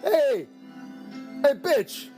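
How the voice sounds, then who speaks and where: A man putting on the voice of a gruff, crude police officer who is questioning a suspect in a mocking way. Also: very high-pitched, very animated, drawn-out words, warm tone, soft background music, pitched above the performer's own voice, full character voice.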